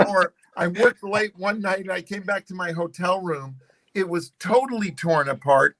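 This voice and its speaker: An older man, a guest actor on a video call, telling animated stories with frequent restarts and laughter. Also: fairly high pitch, low-quality recording. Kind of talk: casual storytelling on a video call.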